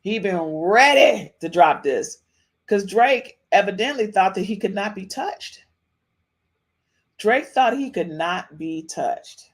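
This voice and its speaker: A woman's voice: mid-range voice, lively intonation, slow pace. Chatty woman podcast host. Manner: chatty, repeats phrases, frequent "okay?" tags. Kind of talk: casual live-stream commentary.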